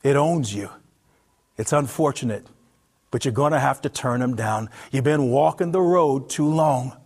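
A man narrating a story in the second person, in an expressive, intimate, vivid way. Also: mid-range voice, unhurried.

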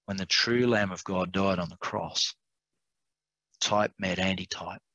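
A man preaching a Bible study sermon, reading scripture aloud and slowing down on key words for emphasis. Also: low-pitched, fairly even intonation, sharp tone, dry recording, dull audio.

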